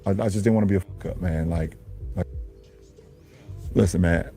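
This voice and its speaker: A man's voice: low voice, moderate pace, gravelly, dark tone, breathy edge, soft background music, exaggerated voice. A man doing an impression of a basketball star in an interview, rambling and fumbling with many fillers. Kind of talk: comedic impression in a sketch.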